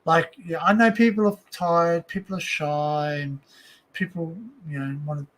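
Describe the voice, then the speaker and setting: A man's voice: on the high side, steady tone, normal speed, fairly bright tone. A man with an Australian accent hosting a casual home livestream, rambling with lots of fillers and restarts. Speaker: livestream host. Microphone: desk microphone.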